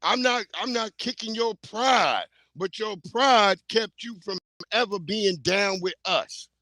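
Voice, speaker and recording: A man's voice: high-pitched, takes it slowly, sharp tone, no room sound. A middle-aged man, hosting a livestream in a blunt, heated, profane rant. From New York. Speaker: livestream host. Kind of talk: casual ranting commentary.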